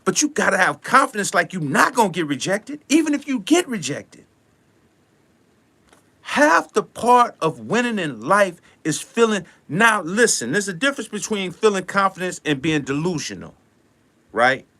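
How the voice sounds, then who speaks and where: Dude ranting about confidence, high bright voice, bounces all over, AAVE. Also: male voice, normal speed. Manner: animated, preachy, acts out little scenes. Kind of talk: motivational rant.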